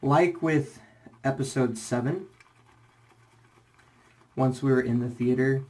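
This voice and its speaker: A man's voice: mid-range voice, slow pace, a little mellow. A young man rambling casually in a shaving vlog, full of fillers and restarts, slightly out of breath. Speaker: shaving vlogger.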